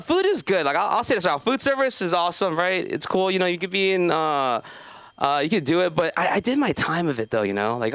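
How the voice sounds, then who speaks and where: Rambling animated man doing stand-up. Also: a little high, smooth, no room sound. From South Los Angeles. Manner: rambling, many fillers and self-interruptions. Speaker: stand-up comedian. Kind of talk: open mic stand-up. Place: comedy club stage.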